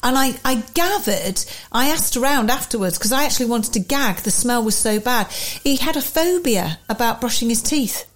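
A woman's voice: fairly high pitch, normal speed, few pauses. An English woman co-hosting a podcast, chatting and telling stories with lots of giggles. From England. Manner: giggly, animated storytelling. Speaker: podcast co-host. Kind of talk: casual chat.

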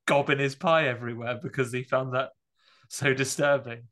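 A man in easy podcast conversation, talking through a film scene by scene. He slips into quick voices for the characters and laughs along as he goes. His pitch sits in an ordinary middle range. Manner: animated storytelling, acting out characters' lines with laughs. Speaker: podcast co-host. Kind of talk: casual chat recapping a film.

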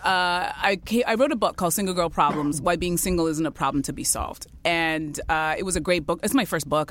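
A woman podcast host and author, a guest in a casual chat, telling stories candidly and swearing freely. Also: on the low side. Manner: candid, animated storyteller who swears freely.

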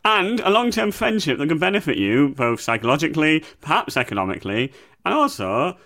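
A man's voice: a little high, very animated, brisk, a bit bright. A man co-hosting a comedy podcast, in playful, rambling casual chat. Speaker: podcast co-host.

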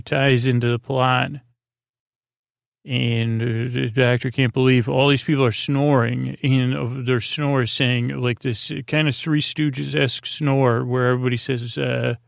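A man hosting a sleep podcast, retelling an episode in a meandering, hesitant way with many pauses and restarts. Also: mid-range voice, creaky, dry recording, clean studio sound. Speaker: podcast host.

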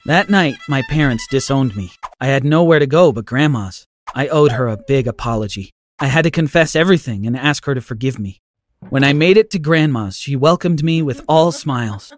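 A man narrating a scripted first-person story in an expressive, dramatic way. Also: mid-range voice, moderate pace.

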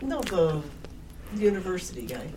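Woman w a lowish voice tossing in dry jokes, lively up and down. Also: normal speed. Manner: dry, teasing interjections. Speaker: podcast co-host. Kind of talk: casual chat.

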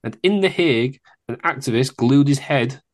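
A man's voice: medium pitch, lively intonation, normal speed. A man hosting a casual quiz among friends, joking and laughing as he reads out the questions. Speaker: quiz host. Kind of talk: casual podcast quiz chat.

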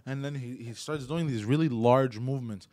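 A man co-hosting a comedy podcast, telling a story in an animated way and acting out the quotes. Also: mid-range voice, moderate pace, dry recording, studio quality. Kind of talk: casual comedy chat, storytelling.

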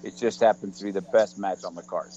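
A man co-hosting a casual wrestling podcast, delivering his lines in a dry, deadpan way. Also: low-pitched, fast, dull audio, slight background noise. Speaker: podcast co-host.

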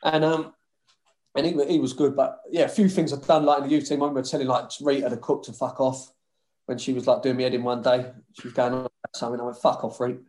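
A man's voice: medium pitch, fast talker, echoey room. A man telling football stories casually, laughing and swearing as he goes. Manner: laughing, swearing, lively storytelling. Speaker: former footballer.

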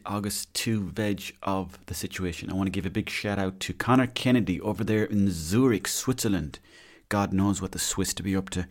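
A man in his thirties with an Irish accent and a fairly low voice, talking on his own in a loose, rambling podcast chat. He pokes fun at himself and drifts from one thing to the next. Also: a little mellow. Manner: rambling, self-mocking and chatty. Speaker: podcast host. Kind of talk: casual solo podcast chat.

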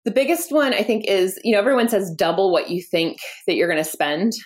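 Animated woman founder telling stories. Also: mid-range voice, brisk. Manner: animated, acts out quoted dialogue, laughs often. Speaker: founder and guest. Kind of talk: candid interview storytelling.

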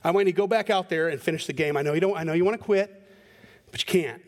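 A man voicing a gentle father softly reassuring his young son. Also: fairly high pitch, animated, a little fast, voice pushed down, natural voice. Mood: tender. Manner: soft, reassuring.

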